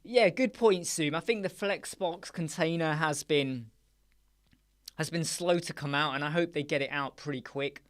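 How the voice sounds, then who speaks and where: A man's voice: on the high side, moderate pace. Male host, casual live-stream chat, jokey and playful, fond of wordplay. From United Kingdom. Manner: jokey, playful, riffs on words and laughs often. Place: small dark room with soundproof panels.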